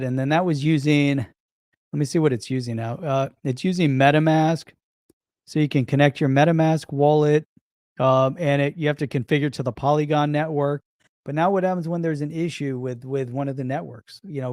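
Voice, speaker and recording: A man's voice: medium pitch, darkish tone, no room sound, clean studio sound. A man co-hosting a casual livestream chat, conversational and full of fillers. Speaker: co-host.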